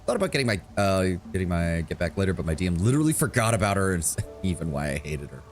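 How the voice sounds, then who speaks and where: A male game streamer with a very low, deep voice. He reads role-playing game text aloud and breaks off for joking asides to his chat. His talk is loose and conversational. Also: big pitch swings, fast, faint music behind. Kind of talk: live game stream with casual commentary.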